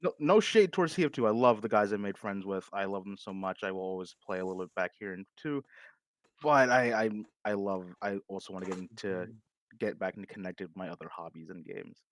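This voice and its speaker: A young man in his twenties chats as a guest on a stream. His voice sits on the low side. He rambles and laughs, and the mic sound is dry and close. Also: brisk, no room sound. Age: 20s. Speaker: guest artist. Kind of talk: casual chat. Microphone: home microphone.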